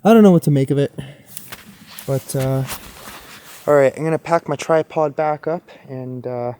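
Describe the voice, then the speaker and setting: A paranormal explorer vlogger with a mellow, smooth voice on the high side speaks at normal speed while exploring a wet forest at night. Jumpy, he talks to viewers as he films on a handheld camera or phone.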